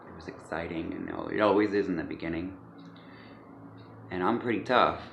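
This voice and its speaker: A man giving a personal testimony, speaking hesitantly with many pauses and fillers, recorded in an echoey, dull room. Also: low voice, vocal fry, a bit bright, a little hiss or hum. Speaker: speaker sharing a personal story.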